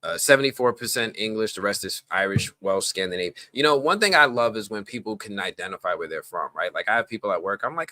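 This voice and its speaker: Animated, rambling man from the Bronx. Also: on the low side, fast, few pauses, dry recording. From the Bronx, New York. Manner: animated, rambling, goes off on tangents. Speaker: live stream host. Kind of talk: casual live stream chat.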